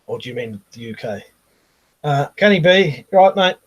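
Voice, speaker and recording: A British man hosting a casual live stream, reading out viewer comments and chatting with a laugh, often trailing off into quiet asides. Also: on the high side, expressive, moderate pace, breathy edge, muffled recording. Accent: British English. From Britain.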